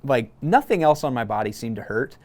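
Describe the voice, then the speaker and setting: A man in his thirties, a former Marine, calmly telling a long personal story in a casual interview, with frequent fillers and restarts. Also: mid-range voice. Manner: relaxed, halting, many fillers and restarts.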